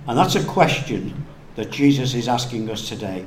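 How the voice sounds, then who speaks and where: A male pastor preaching a sermon slowly and deliberately, dropping to hushed tones for emphasis. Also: medium pitch, expressive. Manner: slow, deliberate preaching with hushed dramatic drops. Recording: echoey room with faint background noise.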